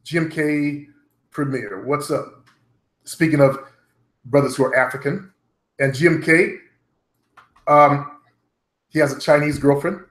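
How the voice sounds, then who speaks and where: Middle-aged male vlogger, profane and blunt, rambling monologue, slightly higher voice, echoey home room. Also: measured pace, pauses often, a bit bright. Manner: blunt and profane, talks to viewers directly. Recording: roomy echo.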